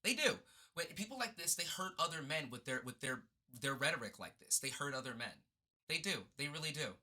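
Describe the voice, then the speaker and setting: Bright-voiced man mocking in reaction commentary. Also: fairly high pitch, very animated, brisk. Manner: mocking, repeats himself in loose rambling bursts. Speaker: reaction video host.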